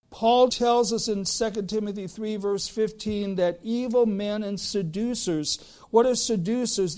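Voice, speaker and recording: High-pitched guy preaching a sermon, slow and deliberate, builds up to big emphatic lines. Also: darkish tone. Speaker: pastor.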